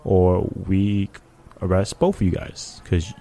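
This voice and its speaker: A low-pitched man speaks at a slow pace, sharing stories from his police officer days in a casual interview. Lively in manner, he acts out the people he quotes using loose slang.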